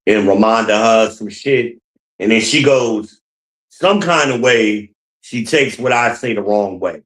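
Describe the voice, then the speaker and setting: A podcast host with a fairly low, slightly bright voice talks slowly on his own over poor-quality audio. Casual and blunt, he vents with swearing, drifts around, and repeats his points.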